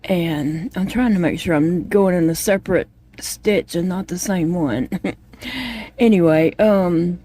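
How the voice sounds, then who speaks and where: A woman's voice: lowish voice, measured pace, mellow. A woman chatting casually to viewers while she crochets at home, rambling from one thought to the next. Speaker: vlogger.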